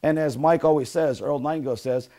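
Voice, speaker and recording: A man's voice: a little high, fast, dark tone. A man, a real estate sales coach, giving an upbeat motivational training talk and leading call-and-response affirmations.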